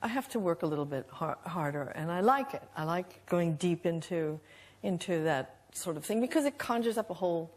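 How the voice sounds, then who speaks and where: A woman who is a talk show guest, telling a story in a measured, reflective way. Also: on the low side, expressive, a little mellow. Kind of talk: anecdotal chat. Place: TV studio.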